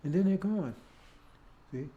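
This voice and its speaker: A man with a high, mellow voice preaches a monologue on his own show, speaking a little slowly with lively intonation, though the audio is dull. He pushes his message through repetition, rhetorical questions and a frequent "See?", by turns emphatic and mocking.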